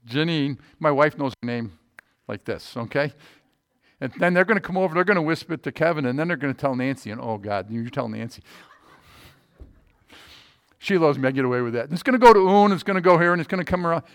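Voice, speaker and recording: This man is a pastor giving a homey, talk-style sermon. He keeps asking the congregation rhetorical questions and moves back and forth between booming emphasis and soft, low-voiced asides.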